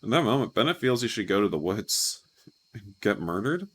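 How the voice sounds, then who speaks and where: A man with a fairly low voice reads a story game aloud for his viewers. His pitch moves a lot, rising and falling freely, and he keeps cutting in with wry, self-mocking asides. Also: very animated, normal speed, a bit bright, slightly rough. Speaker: gaming video host.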